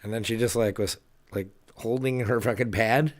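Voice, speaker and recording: A man's voice: lowish voice, steady tone, moderate pace, no echo. A man co-hosting a casual podcast, telling a story and laughing often. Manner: giggly, chatty storyteller. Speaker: podcast co-host. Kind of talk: casual chat.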